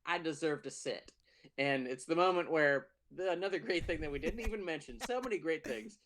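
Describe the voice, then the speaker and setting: A man co-hosts a podcast in casual chat, building up his stories with animated energy and plenty of swearing. His voice sits a little higher than most men's. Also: a little fast, a little hiss or hum. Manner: animated storyteller, profane, acts out scenes. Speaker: podcast co-host.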